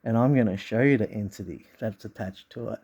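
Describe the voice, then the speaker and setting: A man talking straight to his viewers in a rambling monologue, swearing constantly, restarting his sentences, and swinging between low mutters and loud outbursts. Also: brisk, husky, dull audio. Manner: profane, intense and rambling, with frequent restarts. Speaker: vlogger.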